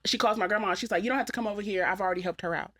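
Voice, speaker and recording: Bright-voiced, candid woman podcast host. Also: mid-range voice, racing. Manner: candid, animated storytelling with profanity. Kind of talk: casual chat.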